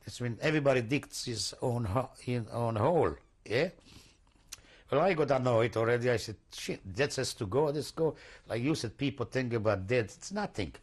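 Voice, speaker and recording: An older man recounting his memories in an oral history testimony, speaking halting, broken English and often searching for words. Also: medium pitch, expressive, breathy edge. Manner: non-native English, broken grammar. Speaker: interviewee.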